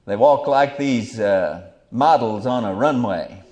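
Middle-aged man, fiery sermon, animated pitch, low murmurs to loud cries. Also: slow. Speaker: preacher.

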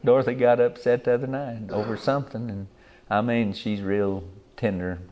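A man's voice: mid-range voice, steady tone, moderate pace, warm tone, a little hiss or hum. An older man, preaching a sermon in a folksy, rambling way with rural grammar.

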